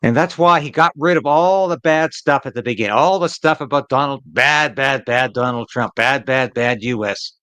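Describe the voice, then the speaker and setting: A man's voice: mid-range voice, normal speed, few pauses, fairly bright tone, smooth, no room sound, poor audio. A man hosting a live political commentary stream, talking in an emphatic, opinionated way and repeating phrases to drive a point home.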